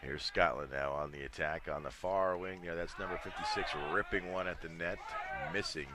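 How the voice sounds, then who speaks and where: A man giving relaxed, chatty live commentary on a lacrosse game at an outdoor stadium, with dry humor and frequent fillers. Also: deep voice, normal speed, a loud crowd. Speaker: play-by-play commentator.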